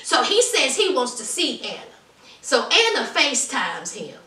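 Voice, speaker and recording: A woman's voice: sits high, very animated, a little slow, sharp tone, far from the mic. A woman reviewing a reality TV show in a casual vlog, ranting with emphasis and calling her viewers honey. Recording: roomy sound from off the mic.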